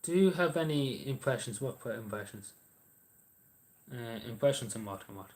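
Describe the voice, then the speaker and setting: A man's voice: medium pitch, expressive, normal speed, a little mellow. An Irish man chatting casually on a livestream, answering viewers' messages in a rambling, hesitant way with lots of ums and restarts.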